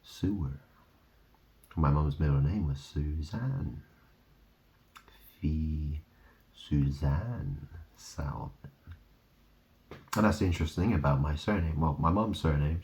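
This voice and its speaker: A man's voice: extremely low pitch, a little slow, long pauses, dark tone. A man in a rambling monologue, drifting through wordplay and trailing off. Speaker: vlogger. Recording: dull lo-fi recording.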